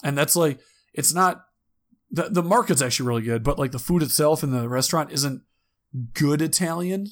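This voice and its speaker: A man's voice: fairly high pitch, normal speed. A man co-hosting a casual chat, telling rambling stories with many fillers and restarts.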